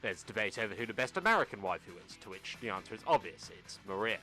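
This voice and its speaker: A man's voice: lowish voice, sing-song, fast talker, sharp tone, soft background music. A man from the United Kingdom narrating a scripted comedic video essay in a sarcastic, mock-serious way.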